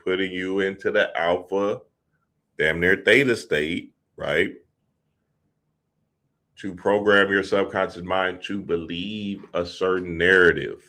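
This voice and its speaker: A man's voice: low-pitched, slow, sharp tone. A man hosting a spiritual talk show, mixing teaching with laid-back, laughing, slangy asides.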